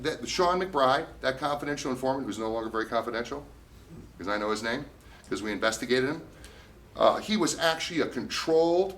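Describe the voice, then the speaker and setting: A man's voice: mid-range voice, a bit bright. A male attorney giving a talk at a meeting, telling a case story with emphatic, indignant storytelling. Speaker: tax attorney speaking at a meeting. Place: meeting room.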